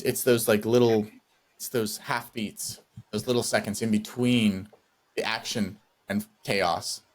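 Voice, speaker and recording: A man co-hosting a podcast in casual chat, reflective and measured as he thinks aloud. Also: on the low side. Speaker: podcast co-host.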